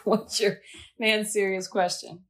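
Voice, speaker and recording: A woman's voice: medium pitch, little pitch movement, unhurried, fairly bright tone. A woman co-hosting a podcast in casual chat, teasing her partner and laughing as she pushes the show along. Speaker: podcast co-host.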